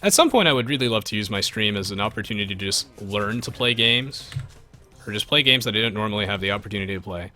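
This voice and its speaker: Lively, animated man streaming a game. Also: on the low side, fast. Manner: animated, chatty, jumps between game and viewers. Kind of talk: live gameplay commentary, reading chat.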